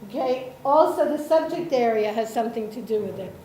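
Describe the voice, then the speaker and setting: A woman from Israel presenting a workshop, explaining slowly with many pauses and ums and often checking in with her audience. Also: fairly high pitch, animated, warm tone, slight background noise. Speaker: workshop presenter, association chair. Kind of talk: slow explanatory workshop talk. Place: lecture room. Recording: echoey room with faint ambience.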